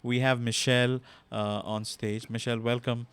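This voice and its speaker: A man's voice: mid-range voice, little pitch movement, moderate pace, a bit bright, clean tone. A man hosting a live podcast in an audio room, polite and apologetic and thanking guests often. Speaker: podcast host.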